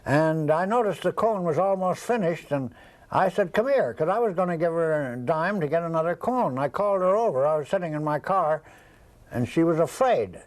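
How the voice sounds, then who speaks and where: Brief: older man, high-voiced, rambling raconteur who slips into the voices of people in his stories. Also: lively intonation, normal speed, rough recording. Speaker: interviewee, storyteller. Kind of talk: casual anecdotal storytelling.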